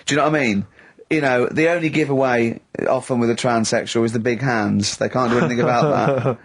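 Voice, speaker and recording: A middle-aged man hosting a radio comedy chat, rambling through animated asides and bursting into high laughter. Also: fast talker. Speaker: radio host.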